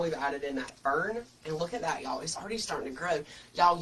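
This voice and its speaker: A man's voice: on the high side, fairly bright tone, far from the mic, a little hiss or hum, rough recording. A man hosts a casual craft tutorial, chatty and folksy, full of homespun comparisons. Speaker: wreath-making host.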